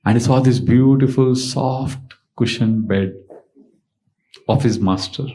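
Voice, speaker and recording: A man's voice: medium pitch, slow pace, mellow. A man giving a storytelling sermon in a conversational lecturing manner. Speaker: monk and lecturer.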